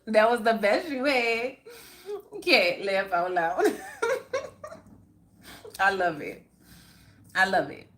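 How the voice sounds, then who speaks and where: This livestream host has a medium-pitched, fairly bright voice. She's a middle-aged woman reading viewers' comments aloud and chatting casually, laughing often in a chatty, drawn-out, unhurried way.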